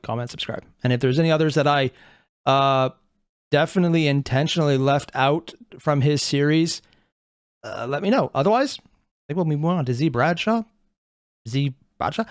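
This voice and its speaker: A reaction video host giving casual commentary, animated, thinking aloud and swearing often. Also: mid-range voice, brisk, dry recording, studio quality.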